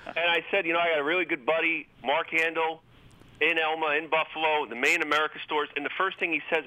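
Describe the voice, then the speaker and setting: A man telling a funny story on a radio show, animated and joking. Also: fairly high pitch, fast, no room sound, poor audio.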